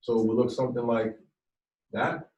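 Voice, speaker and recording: A man's voice: mid-range voice, fairly even intonation, moderate pace, darkish tone, lo-fi sound. A man teaching a class in conversational style, often turning questions to his students. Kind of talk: classroom lecture. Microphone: camera across the room. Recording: distant, echoey classroom sound.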